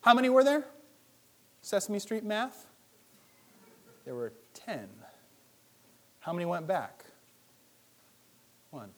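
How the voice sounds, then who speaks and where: A man preaching a sermon in a lively, conversational way, firing rhetorical questions and swinging between loud and hushed. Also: high voice, slow, long pauses. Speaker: pastor.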